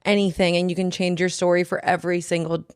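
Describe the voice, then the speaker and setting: A woman's voice: lowish voice, flat delivery, quick pace, clean tone, dry recording, clean studio sound. A woman chatting casually on a podcast, musing aloud.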